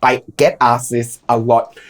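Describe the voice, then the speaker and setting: A man's voice: medium pitch, a little slow. Sweary man co-hosting a podcast. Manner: blunt, sweary, animated storyteller. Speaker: podcast co-host. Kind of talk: casual podcast chat.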